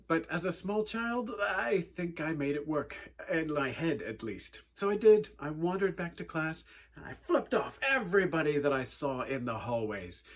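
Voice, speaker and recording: A man with an English accent, telling a personal story in an animated, wry and earnest way as a youth speaker. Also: a little high. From England.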